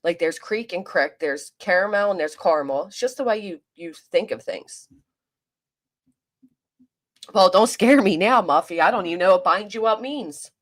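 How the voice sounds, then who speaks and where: A woman's voice: lowish voice, lively intonation, normal speed. A woman with a South Jersey accent near Philadelphia, giving blunt, profane live-stream commentary and answering her chat. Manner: reads and answers chat aloud.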